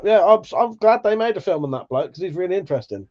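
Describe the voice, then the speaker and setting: A man's voice: high voice, lively intonation, quick pace, highs cut off. A man hosting a livestream, chatting casually and reading out viewer comments, swearing freely and laughing at himself. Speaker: livestream host.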